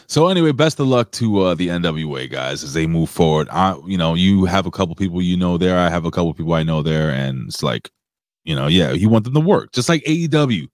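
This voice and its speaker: A man's voice: sits low, expressive, brisk, dry recording, studio quality. A man co-hosting a wrestling podcast in casual chat, blunt and profane with rambling asides.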